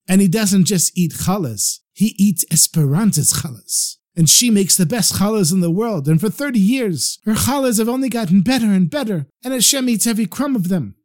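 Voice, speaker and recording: A man's voice: high voice, darkish tone, voice pushed up. A man voicing a simple, devout congregant who speaks earnestly and from the heart.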